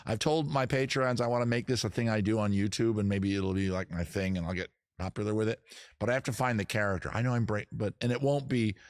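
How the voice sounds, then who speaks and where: A man's voice: lowish voice, fairly even intonation, fast. A middle-aged man hosting a casual comedy stream, rambling and jokey, with playfully grandiose announcements. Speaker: host.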